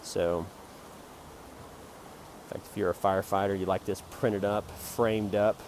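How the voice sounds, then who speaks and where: A man rambling jokingly about his photo prints in a self-promoting monologue, jumping between loud bursts and quiet mutters. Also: low-pitched, little pitch movement, unhurried, a little hiss or hum. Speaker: amateur photographer selling prints.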